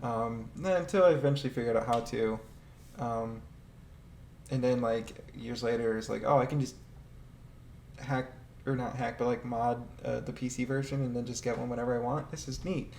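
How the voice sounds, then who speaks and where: A man's voice: medium pitch, steady tone, fairly quick, gravelly, darkish tone. A man casually ranking game vehicles, rambling and hesitant, swearing now and then and laughing often. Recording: echoey room with faint ambient noise.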